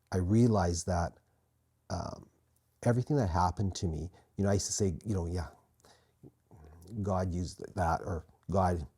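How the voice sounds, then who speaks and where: A man as an interview guest, quietly and earnestly telling his personal faith testimony. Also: deep voice, slightly rough. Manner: quiet, earnest, reflective storytelling.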